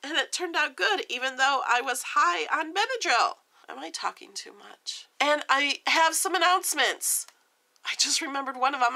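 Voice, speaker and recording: A woman's voice: high-pitched, expressive, moderate pace, pushed and bright. Giddy, rambling woman vlogger. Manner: rambling, giddy and scattered, laughing at herself. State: jittery and overstimulated. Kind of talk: casual vlog chat.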